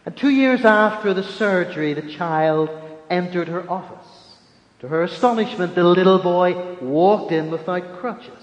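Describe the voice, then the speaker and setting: A man with a high voice preaches a sermon in a big echoey hall, the reverb trailing after each phrase. He talks in a measured way and slows down to press his points home. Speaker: religious leader.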